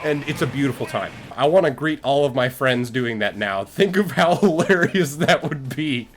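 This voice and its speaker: A man's voice: medium pitch, expressive, normal speed, few pauses. A young man live-streaming, improvising a silly story in a rambling, playful way and talking straight to his chat.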